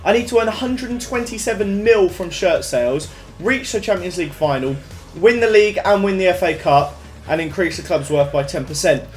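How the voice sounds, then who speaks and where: A man's voice: sits high, brisk, soft background music. A young man giving chatty, upbeat game commentary, talking straight to his viewers. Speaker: gaming YouTuber.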